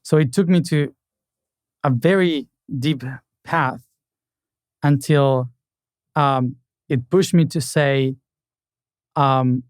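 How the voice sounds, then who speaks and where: A man talking reflectively in a conversation, halting with many pauses and fillers. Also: medium pitch, no room sound.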